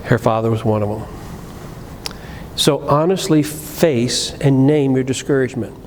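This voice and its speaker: A middle-aged man preaching a sermon, telling a personal story, moving between loud emphatic lines and low quiet asides, with frequent restarts. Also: a little slow. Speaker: pastor. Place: church sanctuary. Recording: live church recording with long reverb and faint room noise.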